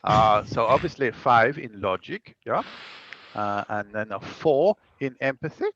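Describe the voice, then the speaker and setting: A man's voice: medium pitch, measured pace, a bit bright, no echo. A man playing a tabletop game, chatting casually and joking around. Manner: playful, jokey. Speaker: player. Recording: dull lo-fi sound.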